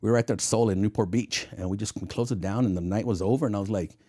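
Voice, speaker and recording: A fairly low-pitched man talks rapid-fire. Once a federal agent, he's now telling casual interview stories with lots of energy, acting out each voice in his anecdotes and frequently laughing at his own humor.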